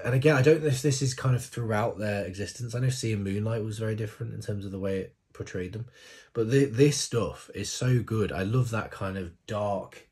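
Man, reaction host, low voice, rambling, effusive, excited outbursts. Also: husky. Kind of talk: casual reaction commentary.

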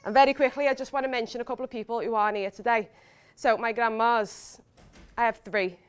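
Clear-voiced bride, higher pitch. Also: female voice, steady tone, a little fast. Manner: emotional, laughing between lines. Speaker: bride giving a wedding speech. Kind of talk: heartfelt wedding speech. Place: hotel wedding reception.

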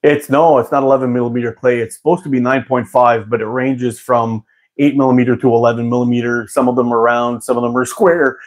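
A man's voice: mid-range voice, level tone, brisk. A man hosting a live stream, chatting casually with viewers in a rambling way and laughing often. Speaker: live-stream host answering chat.

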